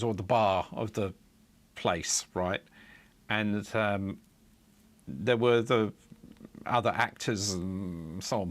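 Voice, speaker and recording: Slow-talking middle-aged man, rambling chat. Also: fairly low pitch, fairly bright tone. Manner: rambling and chuckling, with frequent fillers and restarts; exasperated muttering while debugging. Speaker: programmer streaming live coding. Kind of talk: casual live-stream chat.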